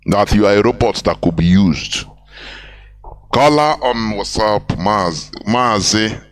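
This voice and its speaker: A man's voice: on the low side, slow pace. A man hosting a live call-in broadcast, lecturing listeners with frequent hesitant fillers. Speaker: host.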